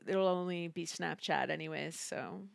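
A woman co-hosting a book podcast, chatting casually with quick asides and frequent laughter. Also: low-pitched, vocal fry, no echo, studio quality. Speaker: podcast co-host. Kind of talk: casual book-club chat.

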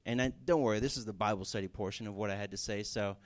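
A man preaching a sermon in a casual way, telling stories with lively bursts and everyday fillers. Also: on the low side, fast talker. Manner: casual, animated storytelling with fillers. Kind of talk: sermon with storytelling.

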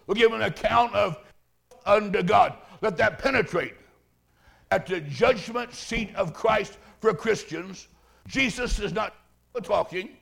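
A man preaching a sermon, telling a story dramatically and swinging from hushed tones to shouting. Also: sits high, vocal fry.

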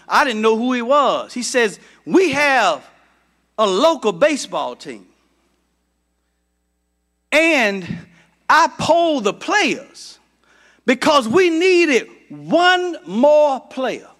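A middle-aged man from Georgia preaching a sermon as pastor, building to shouts and calling out to the congregation. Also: very high voice, sing-song, slow. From Georgia, United States.

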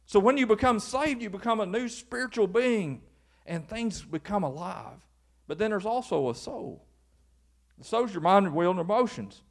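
A man's voice: high-pitched, animated, moderate pace. A male pastor preaching a folksy sermon to his congregation in church. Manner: folksy, acts out quoted voices.

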